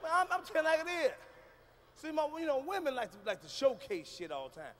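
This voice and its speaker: A man doing a loud, profane, animated stand-up comedy routine on a live stage. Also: very high-pitched, fast talker.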